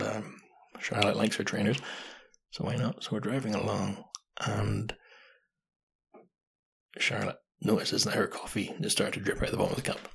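Guy in his 30s rambling on his podcast, low gravelly husky voice, swears a lot, kind of cheeky. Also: a bit bright. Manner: chatty, swears freely, self-mocking. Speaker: podcast host. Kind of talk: casual solo podcast storytelling.

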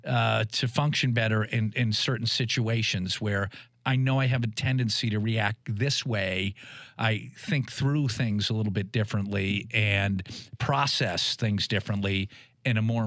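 A man's voice: lowish voice, no room sound, studio quality. A man in his fifties hosting a podcast, talking casually with frequent restarts. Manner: warm, halting, many restarts. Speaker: podcast host.

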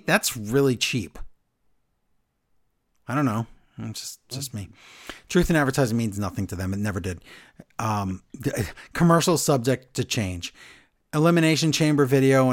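A man co-hosting a podcast, recapping a wrestling show in casual, animated chat from his notes. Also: mid-range voice, moderate pace. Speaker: podcast co-host.

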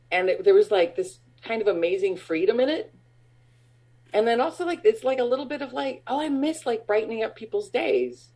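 A chatty woman in her forties tells long, loose stories as an interview guest. Her talk is full of fillers and restarts. She laughs at her own tales and leaps up high when she mimics excited fans. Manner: bright high tones when acting out fans. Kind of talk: casual interview chat.

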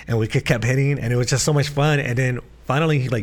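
A podcast co-host who is also a pastor recounts his life story in casual conversation. His mid-range voice moves fast with barely any pauses, and he sounds earnest, often restarting and using fillers.

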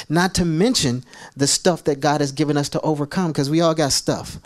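Animated, jokey preacher man. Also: on the high side, unhurried. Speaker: pastor. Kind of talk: sermon.

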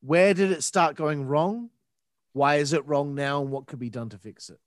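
A man's voice: a little high, moderate pace, no room sound, studio quality. A man in casual podcast chat, telling a story in a reflective way and trailing off mid-thought.

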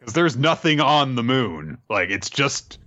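A man's voice: mid-range voice, very animated, a little slow, pushed and bright. A young man hosting a casual podcast, recapping a story loosely with swearing and fillers. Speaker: podcast host. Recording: slightly dull, dry sound.

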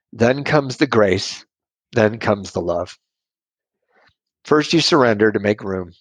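A man's voice: medium pitch, no room sound. A middle-aged man telling a personal story in conversation, meandering and self-deprecating with frequent restarts.

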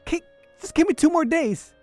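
A man's voice: very high voice, lively intonation, normal speed, darkish tone, soft background music, pitched above the performer's own voice. A man in a comedic improv scene voicing a frightened male debtor who stammers and begs politely. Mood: pleading. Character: frightened male debtor, husband and father, pleading. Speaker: podcast co-host.

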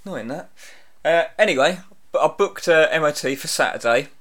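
A man hosting a radio show, his voice sitting a touch high. He talks in dry, rambling casual banter and acts out the people in his stories. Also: lively intonation, a little fast, a bit bright. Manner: dry, rambling storyteller, mimics people in anecdotes.

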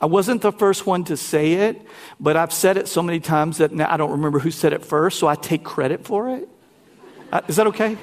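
High-voiced man preaching a sermon. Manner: animated preaching, talks directly to the congregation. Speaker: pastor.

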